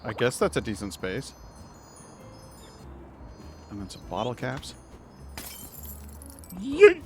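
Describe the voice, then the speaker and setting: A man's voice: lowish voice, a little slow, soft background music. Playful man streaming a game. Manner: playful, chatty, slips into silly voices for characters. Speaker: livestreamer playing a video game. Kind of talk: casual gameplay commentary with read-aloud dialogue.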